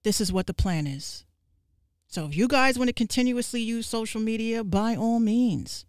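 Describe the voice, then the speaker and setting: A woman podcast host ranting on a livestream, profane and fiery, with quick asides to her viewers. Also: fairly high pitch, no echo, studio quality. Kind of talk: livestream rant.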